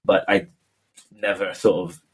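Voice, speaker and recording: A man's voice: low-pitched, fairly even intonation, a little slow, breathy edge. A man from Abu Dhabi hosting a casual podcast chat, talkative and self-deprecating, often restarting his sentences. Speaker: podcast host.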